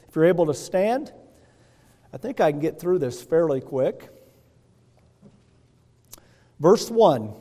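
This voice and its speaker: The voice is mellow and on the high side: a man preaching a folksy sermon who regularly asks his congregation "Hello?" The church sanctuary gives his speech a long hall reverb.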